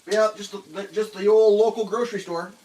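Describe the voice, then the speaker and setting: A man's voice: high voice, fairly even intonation, a little fast, a little mellow. A man chatting casually to viewers while cooking breakfast in his home kitchen, rambling and talking to his dog. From central United States. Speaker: livestream cooking host. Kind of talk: casual live-stream chat while cooking.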